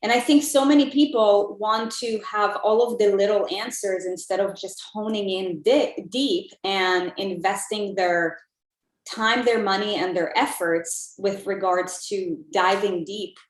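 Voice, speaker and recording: A woman sharing reflections as a podcast guest, in a mid-pitched voice. She talks casually with fillers. The audio has a roomy, echoey sound. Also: measured pace. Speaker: interview guest. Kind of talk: casual interview chat.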